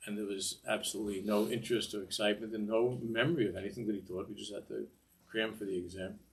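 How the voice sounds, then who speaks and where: A man's voice: fairly low pitch, steady tone, fast. An older man teaching a Torah class in a discursive way, often repeating words and mixing in Hebrew phrases.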